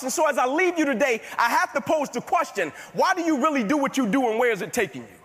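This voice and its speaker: Passionate high-voiced motivational speaker man. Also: very animated, quick pace, hardly any pauses, fairly bright tone. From United States. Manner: passionate, rhythmic, repeating phrases. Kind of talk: motivational speech with storytelling. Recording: reverberant hall.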